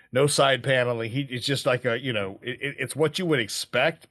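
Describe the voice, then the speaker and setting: A man's voice: medium pitch, fairly bright tone, no echo, studio quality. A man co-hosting a movie podcast, talking casually with lots of fillers and quoted reactions. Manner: rambling, many fillers, quoting lines. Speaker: podcast co-host.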